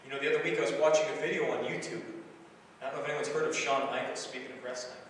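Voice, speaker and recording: A man preaches to a congregation, telling a story in a relaxed, conversational manner full of asides. His voice sits at an ordinary pitch and comes from a distance. A long, booming reverb fills the large hall around him. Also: racing. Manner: conversational storytelling with filler phrases. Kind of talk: sermon retelling a film story. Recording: echoey hall recording from far off, faint hiss.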